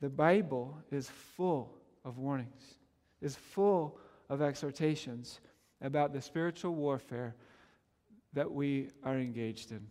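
A man's voice: medium pitch, slow, warm tone, in a large hall. A man preaching a sermon as pastor, with an emphatic, repetitive cadence.

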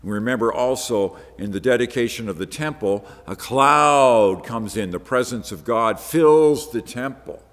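A male preacher at a middle pitch gives a Bible-teaching sermon. He explains the text step by step in an easy, conversational manner. His voice trails into a long reverb, as if recorded in a large hall. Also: animated, moderate pace, hardly any pauses, a bit bright.

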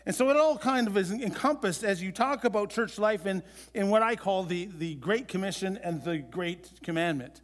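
High-voiced pastor preaching in a reverberant hall. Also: male voice, animated. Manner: conversational, with halting restarts. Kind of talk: sermon.

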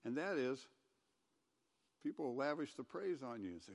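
A man giving a conversational sermon as a pastor, who gets loud and emphatic when he reads scripture aloud. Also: medium pitch, very animated, normal speed, vocal fry, long pauses, long reverb tail. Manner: conversational preaching, rising to loud scripture reading.

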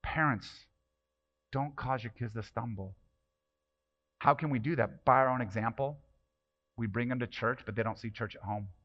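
A man's voice: mid-range voice, normal speed, long pauses, lo-fi sound. A man preaching a sermon as pastor, passionate and emphatic, with many rhetorical questions.

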